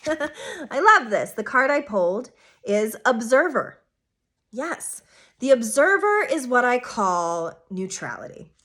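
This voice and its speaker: A woman astrologer chatting through her weekly forecast in a fairly high voice that swoops up and down with lots of animation. She talks straight to her viewers, leaning hard on key words, then sometimes drops to a soft, hushed tone.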